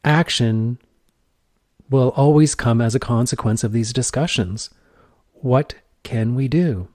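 A middle-aged man speaks earnestly into a close microphone, with a mellow, dark tone at a middle pitch. The sound is dry, with no room echo. His reflective monologue circles back on itself in repeated phrases and questions. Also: slow pace. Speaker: podcast host.

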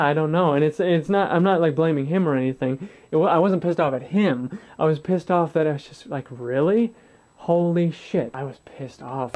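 A man's voice: fairly high pitch, a little mellow. A man in his twenties telling a personal story to camera in a blunt, profane way, acting out what others said. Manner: blunt and profane, swears freely, acts out dialogue. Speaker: vlogger.

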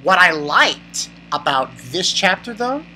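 A manga reviewer giving a casual, excited chapter recap, rambling and exclaiming with laughs. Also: medium pitch, slow pace, slight background noise, poor audio.

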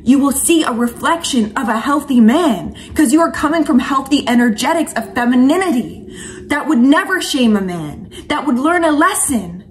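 A woman's voice: high-pitched, a little hiss or hum. A woman coach and vlogger giving an impassioned, preachy monologue to camera, casual and slangy, calling viewers sweetheart and honey.

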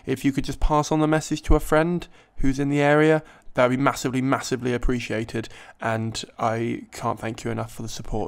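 A man hosting a comedy industry podcast, giving a friendly, upbeat intro. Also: medium pitch. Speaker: podcast host.

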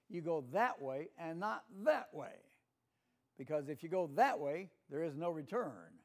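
An older man with a Southern American accent leads a Sunday school Bible lesson in a church classroom. His voice sits a little high and sounds mellow and dark, and he talks in a folksy, chatty way, often asking the room for an amen. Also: vocal fry.

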